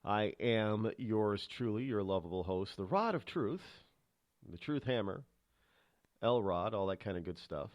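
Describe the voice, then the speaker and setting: A man's voice: on the low side, expressive, a little slow, dry recording, studio quality. Rambling male radio talk host. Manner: rambling, digressive, self-promoting.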